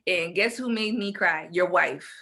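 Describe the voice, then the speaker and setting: A woman's voice: fairly low pitch, measured pace, gravelly. A young woman co-hosting a podcast, telling a story in casual chat and acting out what people said. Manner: animated storytelling, acting out quotes. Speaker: podcast co-host.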